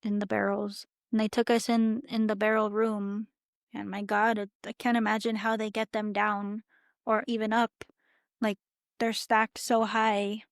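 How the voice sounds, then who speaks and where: A woman's voice: medium pitch, level tone, a little slow, dry recording, studio quality. A young woman chatting casually as a podcast guest, telling a travel story in a rambling way with lots of fillers. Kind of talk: casual chat.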